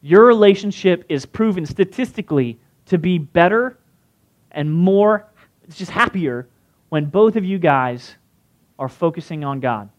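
A man with a fairly high voice delivers a sermon in a relaxed, conversational way. He often turns to his listeners with quick questions. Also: lo-fi sound. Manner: conversational, asks the crowd questions. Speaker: pastor.

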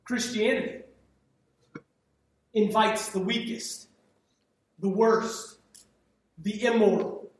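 In an echoey hall, a man who sits high in pitch preaches slowly and steadily, with long pauses, as the pastor. He's far from the microphone, and his sermon is conversational and emphatic, frequently repeating and restarting.

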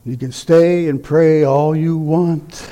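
High-voiced man preaching a sermon. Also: fairly even intonation, takes it slowly, warm tone. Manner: reads scripture then preaches with rising emphatic exhortation. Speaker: guest preacher. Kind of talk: sermon with scripture reading.

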